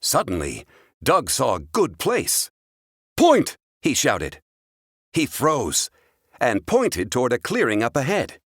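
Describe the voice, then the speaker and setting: Male narrator for a kids' storybook, animated pitch, dry close sound. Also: a little slow, dry recording. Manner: clear, expressive storytelling. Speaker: storybook reader. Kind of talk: children's storybook read-aloud.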